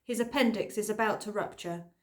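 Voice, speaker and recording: A woman voicing a calm, decisive male doctor with a slightly husky voice, speaking firmly. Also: mid-range voice, a little fast, close to an everyday voice. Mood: urgent. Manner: slightly husky accent, firm.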